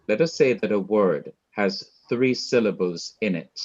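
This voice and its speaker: A man gives a classroom lecture in a low voice, moving at a very unhurried pace. He patiently repeats and rephrases each point. The sound is dull and lo-fi, like online class audio over a video call. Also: a little mellow. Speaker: Hebrew teacher.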